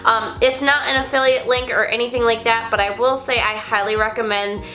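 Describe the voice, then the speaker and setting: Bright-voiced young woman vlogger. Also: fairly high pitch, fairly even intonation, brisk. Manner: enthusiastic, gushing. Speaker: book vlogger. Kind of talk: casual vlog book haul. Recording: echoey room with music.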